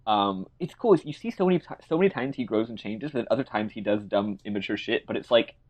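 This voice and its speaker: A man's voice: fairly low pitch, animated, quick pace. Man rambling through a game recap. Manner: rambling, joking. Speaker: podcast co-host. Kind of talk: casual chat recapping a video game.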